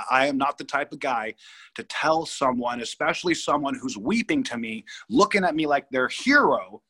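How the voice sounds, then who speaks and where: A man in his thirties from California, telling a personal story as a guest in a casual interview, animated, blunt and profane, often repeating himself. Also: medium pitch. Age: 30s.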